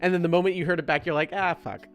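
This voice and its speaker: A man's voice: fairly high pitch, flat delivery, rapid-fire, lo-fi sound. A man co-hosting a stream, teasing his partner in casual banter and laughing often. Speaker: stream co-host.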